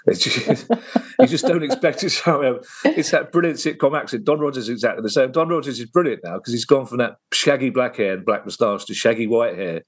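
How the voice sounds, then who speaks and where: A man's voice: mid-range voice, animated, fairly quick, slightly rough. An English man hosting a podcast interview over a video call, chatty and teasing, laughing often. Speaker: podcast host. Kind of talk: casual interview chat.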